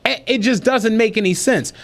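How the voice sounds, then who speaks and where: A man's voice: sits high, moderate pace. A man co-hosting a podcast in casual chat, telling stories with lots of swearing and frequent laughter. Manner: animated storyteller, heavy profanity, laughs through his stories. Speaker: podcast co-host.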